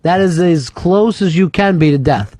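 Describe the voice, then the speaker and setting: A man hosting a talk radio show, telling a story in casual, profane, excitable chat. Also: high-pitched, normal speed, no room sound. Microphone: studio mic.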